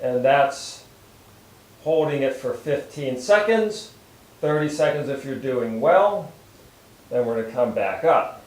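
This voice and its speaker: A chiropractor calmly talking through posture stretches step by step while he demonstrates them. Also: mid-range voice, slow pace, pauses often, echoey room, rough recording. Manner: calm, steady step-by-step instruction while moving. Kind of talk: instructional exercise demonstration.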